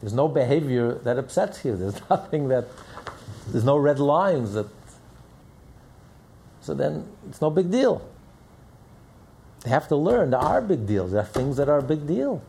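Male rabbi lecturing, emphatic, gravelly and lively in pitch. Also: unhurried, pauses often, slight background noise. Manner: emphatic, repeats phrases while building a point. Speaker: rabbi teaching a class. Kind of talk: Torah lecture.

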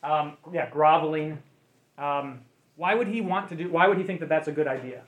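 A man's voice: fairly high pitch, moderate pace. A man leading a Bible study group, teaching conversationally and asking the class questions.

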